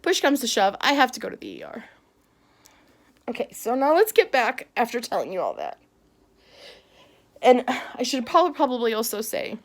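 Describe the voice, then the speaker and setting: A woman's voice: a little high, very animated, moderate pace, long pauses. A middle-aged woman vlogging about a hard day, tearful and upset, talking in bursts with nervous laughs. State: tearful after crying. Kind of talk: emotional personal vlog.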